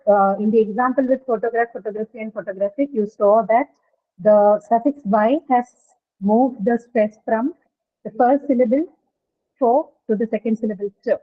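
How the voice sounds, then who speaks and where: A woman teaching stress patterns in an online class, checking with "right?" as she explains. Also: medium pitch. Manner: explanatory, asks "right?" often. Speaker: English teacher. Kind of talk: online phonetics lesson. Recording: tinny online call audio.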